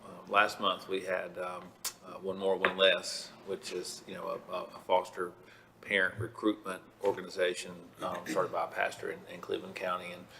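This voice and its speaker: A man, a county official, giving halting, measured remarks at a public meeting. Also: deep voice, monotone, vocal fry, background noise. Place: county board meeting room.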